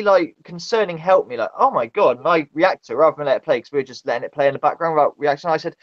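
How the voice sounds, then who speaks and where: A man telling a spooky story in a casual, animated way, repeating himself as he goes. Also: on the high side, quick pace, hardly any pauses, highs cut off. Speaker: guest, paranormal investigator. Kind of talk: casual conversation.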